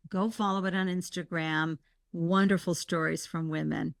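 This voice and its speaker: A woman's voice: fairly low pitch, vocal fry, no echo. Passionate, emphatic woman with a dry sound. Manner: animated, quick bursts of enthusiasm. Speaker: guest, startup mentor and podcast host. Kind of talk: conversational interview.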